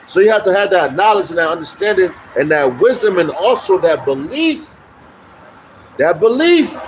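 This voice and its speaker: A man preaching on the street, emphatic and repetitive, with loud bursts. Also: high-pitched, slight background noise, low-quality recording. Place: outdoors on a street.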